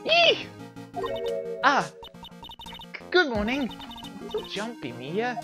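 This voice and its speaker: A man's voice: very high voice, wildly swooping pitch, very slow, music in the background, voice pushed up, exaggerated voice. A man fan-dubbing a video game voices a nervous young woman lawyer who keeps apologizing. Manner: jittery, apologetic.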